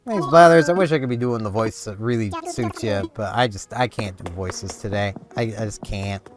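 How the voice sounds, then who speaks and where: A man's voice: lowish voice, moderate pace, few pauses. A man hosting a gaming channel, giving casual gameplay commentary with rambling, self-deprecating chatter. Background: game music.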